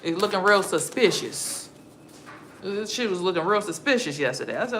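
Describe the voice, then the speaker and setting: A woman's voice: mid-range voice, normal speed, noisy background. Casual profane woman telling a spiritual story. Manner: profane, animated, acts out her own quoted reactions. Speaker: spiritual vlogger.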